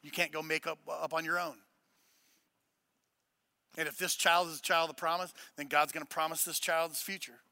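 A man preaching a sermon, mixing casual joking asides with loud, emphatic preaching. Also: fairly high pitch, level tone, normal speed, long pauses, no echo. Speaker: pastor.

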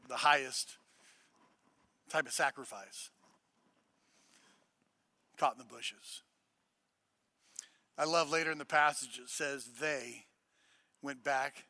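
A male pastor with a high, very bright and forceful voice. He preaches in a loose, joking way and then builds to loud, emphatic points. The sound is dry and close, with little room echo. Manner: casual, joking asides between preaching. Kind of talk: sermon.

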